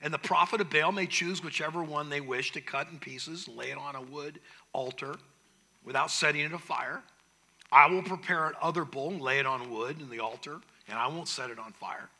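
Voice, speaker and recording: Male pastor, storytelling sermon delivery, bright, slightly high voice. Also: a little fast. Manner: storytelling preacher, swings from loud to hushed.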